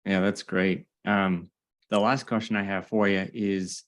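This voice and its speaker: A man hosts a casual podcast interview in a low, level voice. He talks in a chatty, looping way, often circling back and restarting his sentences before landing the question. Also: little pitch movement, unhurried. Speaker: podcast host.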